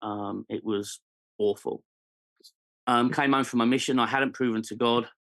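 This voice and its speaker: British man, 40s, interview guest, candid and earnest, mid-pitched, lots of ums and restarts. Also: steady tone, normal speed, fairly bright tone. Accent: British English. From England. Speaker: podcast guest. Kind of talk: candid personal storytelling.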